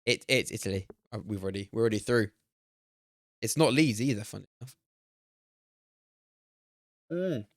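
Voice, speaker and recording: A young man streaming a game, talking excitedly, swearing and laughing at himself. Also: on the low side, normal speed, pauses often, dry recording, clean studio sound. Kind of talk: live-stream gameplay commentary.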